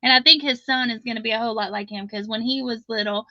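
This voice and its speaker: Southern woman, middle-aged, chatty and laughing, bright higher voice, dry dull stream audio. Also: steady tone, fast talker, dry recording. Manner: chatty, laughs often, reads viewer comments aloud. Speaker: crochet livestream host. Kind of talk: casual chat while crocheting live.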